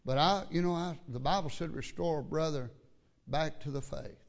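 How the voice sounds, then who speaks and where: A man's voice: a little high, moderate pace, gravelly, lo-fi sound. A man pastor telling a story in a sermon, folksy and repetitive with stammering restarts. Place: church.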